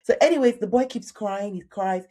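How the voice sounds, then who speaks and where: Recounting a story from her own life on a podcast, this Nigerian-born woman in her thirties, who works as a career coach, uses a mid-range voice at a normal speed. She brings lively energy, performing the voices she quotes.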